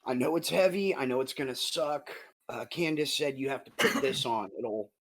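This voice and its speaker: A man voicing a calm, practical young armed man who speaks hushed and matter-of-fact. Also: medium pitch, normal speed.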